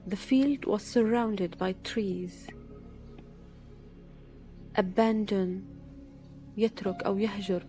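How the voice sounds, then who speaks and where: A woman with a soft, mellow tone works through a vocabulary list. She reads each word and its example sentence at a slow, measured pace, like a teacher. Quiet music plays faintly underneath. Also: medium pitch. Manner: slow, measured reading, one word at a time.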